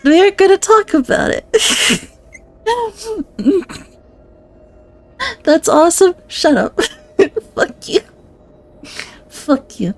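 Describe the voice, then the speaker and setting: A woman's voice: extremely high pitch, sing-song, extremely slow, long pauses, a little mellow. A woman streamer chatting casually on a live stream, giggling often, self-conscious and swearing a lot.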